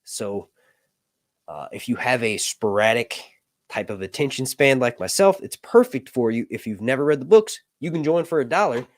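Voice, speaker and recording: Lively rambling American man streaming. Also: mid-range voice, moderate pace, no echo. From United States. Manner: rambling, self-correcting, jokey. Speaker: livestream host. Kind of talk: casual livestream chat.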